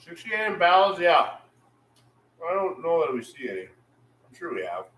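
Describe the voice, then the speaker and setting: Rambling male livestream host, lively pitch, reverberant shop room. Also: normal speed. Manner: laid-back, rambling, reads chat aloud. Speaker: channel host. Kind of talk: casual livestream chat. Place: repair shop.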